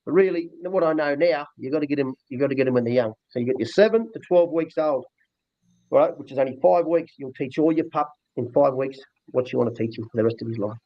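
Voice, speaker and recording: A man's voice: mid-range voice, quick pace, no room sound. An older man with an Australian accent, a dog trainer talking bluntly and rambling earthily in a casual interview. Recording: dull lo-fi dry recording.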